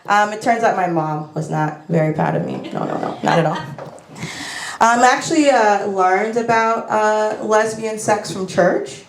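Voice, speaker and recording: A woman's voice: medium pitch, very animated, moderate pace, echoey room, slight background noise. Woman doing rambling stand-up. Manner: rambling, self-deprecating, lots of fillers and likes. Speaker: stand-up comedian. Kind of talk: stand-up comedy set. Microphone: lapel mic.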